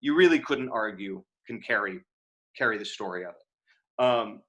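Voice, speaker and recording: A man's voice: fairly low pitch, lively intonation, moderate pace, fairly bright tone. Casual American man teaching acting. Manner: casual, conversational, with frequent fillers and restarts. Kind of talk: lecture over a video call. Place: home room on a video call. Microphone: video call microphone.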